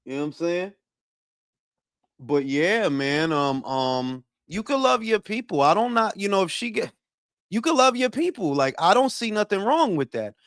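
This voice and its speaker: A man hosting a boxing talk stream, his voice lively and swooping up and down. He chats casually and swears freely, reading out shout-outs from the chat. The sound is dry and close on the mic. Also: high voice, normal speed, no room sound. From Dominican heritage. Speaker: boxing talk show host.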